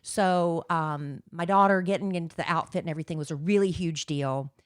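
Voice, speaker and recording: A woman's voice: sits low, fairly quick, clean tone, no echo. A woman in her forties co-hosting a podcast, telling a long story in a chatty way with lots of fillers. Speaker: podcast co-host. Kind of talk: casual chat.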